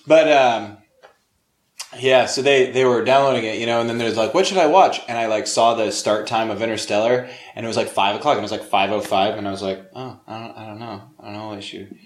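A young man in casual chat, telling a funny movie story and acting out the characters in high, excited voices. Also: a little fast, reverberant. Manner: animated storyteller, acts out scenes in high voices.

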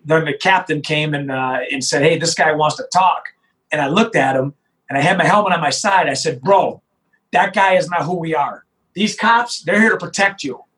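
A middle-aged man, a sheriff telling his story in an interview with emphatic, animated delivery and frequent restarts. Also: fairly high pitch, normal speed, poor audio.

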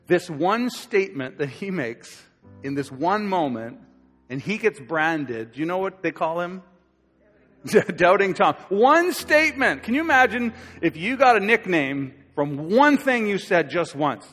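Conversational pastor in a reverberant hall. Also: male voice, high voice, very animated, unhurried, a bit bright. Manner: conversational, acts out quoted voices. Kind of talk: sermon.

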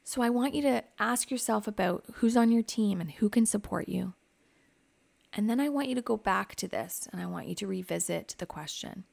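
A woman who hosts a psychotherapy podcast, guiding listeners through reflective questions in a gentle, advising way. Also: mid-range voice, normal speed, vocal fry, no echo. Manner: reflective, asks many questions.

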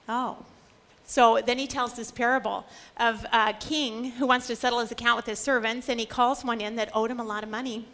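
Middle-aged lady bible teacher, emphatic, acts out the quotes, kinda high voice. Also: steady tone, brisk, a bit bright. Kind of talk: lecture on scripture.

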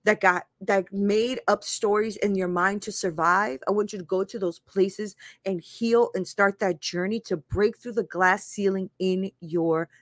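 A woman's voice: mid-range voice, fairly even intonation, unhurried, few pauses, no room sound. A woman hosting a live motivational talk, candid and laughing often, swearing casually and voicing her own inner critic as she speaks. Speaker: life coach and show host.

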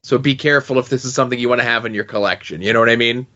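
A man co-hosting a comic book podcast, explaining points in a measured, casual way. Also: mid-range voice, sharp tone, dull audio. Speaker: podcast co-host.

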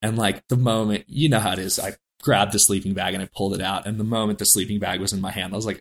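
A man with a somewhat low voice tells a story as a guest on an interview show. His delivery is casual and rambling, full of fillers. He laughs now and then and briefly puts on voices for the people he quotes. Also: fairly even intonation, fast talker, gravelly, few pauses.

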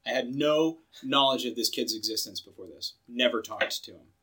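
Young man, podcast co-host, bright tone, mid pitch, lively storytelling, lots of fillers. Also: normal speed, slightly rough. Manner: animated, acts out quoted voices, filler-heavy.

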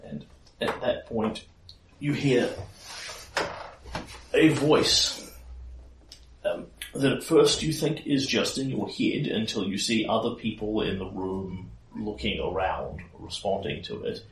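A man narrating as game master of a tabletop game, explaining events in a relaxed way. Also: fairly low pitch, slow, a little hiss or hum. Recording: echoey room, mic at a distance.

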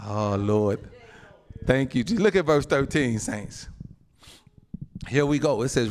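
A male pastor preaching a sermon, animated, often calling out to the congregation and breaking into shouts and laughs. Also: medium pitch, unhurried, pauses often, a little hiss or hum. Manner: calls out to the congregation.

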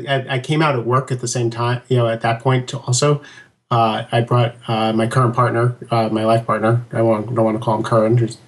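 A middle-aged man speaks as a guest in a casual interview, with a voice of ordinary pitch. He tells his story with animation, chuckling often and slipping into other people's voices as he quotes them. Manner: animated, laughing storyteller who acts out quotes. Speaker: podcast guest.

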